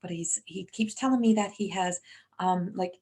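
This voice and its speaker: A woman's voice: lowish voice, normal speed, mellow, breathy edge. Woman giving a rambling psychic reading. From Newfoundland, Canada. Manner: rambling, trailing off and restarting, relaying messages. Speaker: psychic medium. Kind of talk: live-stream reading.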